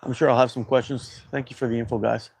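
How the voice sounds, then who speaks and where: A man's voice: mid-range voice, level tone, fast, creaky, breathy edge. A man from Canada hosting a casual livestream, chatting and reading viewer comments aloud in a loose, rambling way. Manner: laid-back, rambling with fillers. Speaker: livestream host.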